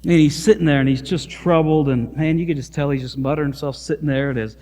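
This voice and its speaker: A male pastor preaching a sermon, telling a story in an animated, emphatic way. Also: on the high side, fast talker, big-room sound.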